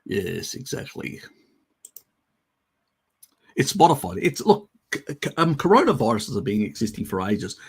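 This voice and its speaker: Gravelly, husky man on a live stream. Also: fairly low pitch, sing-song, measured pace, long pauses. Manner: sarcastic and mocking, often laughing. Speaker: live stream host answering viewer questions. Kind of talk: casual live-stream chat.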